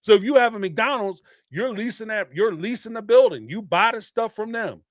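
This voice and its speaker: A man, hosting a podcast and ranting in an animated, emphatic way, with some swearing and repeated phrases. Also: high-pitched, normal speed, no echo, studio quality. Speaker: podcast host. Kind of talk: casual commentary rant.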